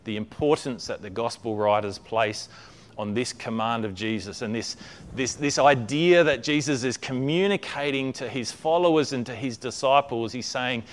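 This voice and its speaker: A man's voice: mid-range voice, moderate pace. A man preaching a conversational sermon, often checking in with his listeners and repeating words as he builds a point.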